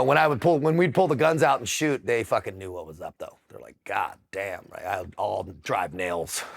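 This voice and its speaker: A middle-aged man with a low, gravelly voice tells his story in a loose, unscripted interview. He talks bluntly and swears freely, often stopping and restarting his sentences. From United States. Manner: profane, blunt, halting restarts. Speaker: interview guest. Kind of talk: casual storytelling.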